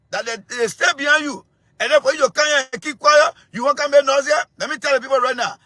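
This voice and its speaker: A man with a Liberian English accent and an extremely high-pitched voice hosts his own show, recorded with no echo. His political commentary is heated and confrontational, full of repetition and sudden bursts of shouting.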